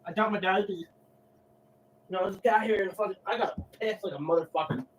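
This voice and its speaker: A drunk man ranting loudly and cursing a lot, his voice swinging between yelling and muttering. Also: high voice, fast talker. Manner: loud, profane, drunken yelling. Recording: distant mic, hissy stream audio.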